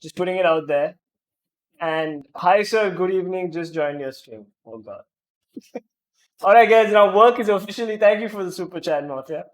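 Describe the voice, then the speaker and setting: A man's voice: high voice, moderate pace, pauses often. A man with an Indian accent hosting a gaming podcast, chatting and joking casually and reading out the live chat. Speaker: podcast host.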